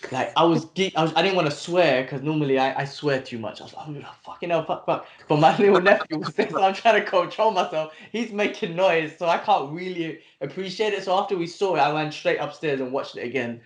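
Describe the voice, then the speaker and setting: A man's voice: on the high side, fast, few pauses. A man co-hosting a podcast in casual chat, enthusiastic and swearing casually. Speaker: podcast co-host.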